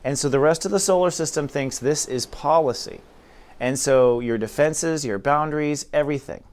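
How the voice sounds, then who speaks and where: A man's voice: fairly high pitch, moderate pace. A man acting as spiritual teacher, talking casually and acting out inner dialogues in quoted voices. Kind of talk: casual spiritual talk to camera.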